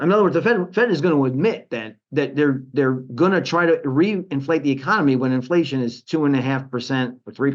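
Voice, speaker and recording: A man talking as a guest in a financial interview. His pitch sits in the middle range. He talks in an animated way, restarts his sentences often and acts out other people's voices to mock them. The audio sounds dull and lo-fi. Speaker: guest, portfolio manager.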